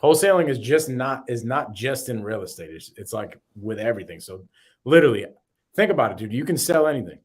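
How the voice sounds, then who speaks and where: A man co-hosting a casual real estate show, chatting in loose slang. He repeats and restarts words as he talks, in a voice of ordinary middle pitch. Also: expressive, fairly quick, breathy edge. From Boston. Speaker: co-host. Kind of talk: casual podcast chat.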